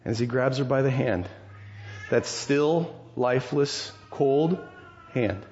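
A man preaching a sermon, retelling a story with animated acted voices. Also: medium pitch, slow pace, a little hiss or hum. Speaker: pastor. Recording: dull lo-fi sound.

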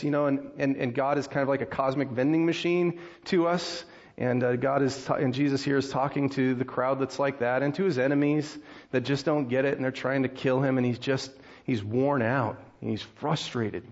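A man preaching a sermon in a conversational way, walking through scripture and getting animated when he acts out frustration. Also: medium pitch, fairly quick, highs cut off. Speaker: pastor.

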